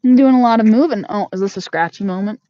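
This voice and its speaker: A woman's voice: medium pitch, fast talker, no room sound. Chatty woman in a barn, lo-fi. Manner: rambling, chatty, baby-talks to her pony. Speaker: homestead livestream host. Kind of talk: casual livestream chat while grooming a horse. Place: horse barn arena. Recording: dull lo-fi sound.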